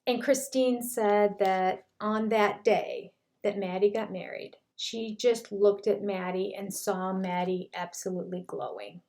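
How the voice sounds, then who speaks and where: A woman's voice: medium pitch, steady tone, measured pace, hardly any pauses, darkish tone. Older woman chatting through a show recap. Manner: chatty, retells scenes with quoted dialogue. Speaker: reality show reviewer. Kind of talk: casual commentary.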